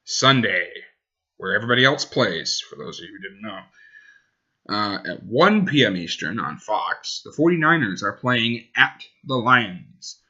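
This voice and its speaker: A man's voice: on the low side, animated, a little slow, sharp tone, highs cut off. A man hosting a casual sports podcast, rambling and correcting himself as he goes. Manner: rambling, self-correcting, talks to his dog. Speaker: podcast host.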